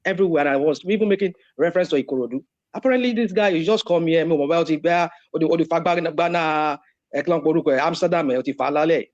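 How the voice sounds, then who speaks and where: A man's voice: fairly high pitch, racing, dull audio. A man with a Nigerian Yoruba accent arguing heatedly in an online debate, repeating himself and slipping into Yoruba. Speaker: debate participant.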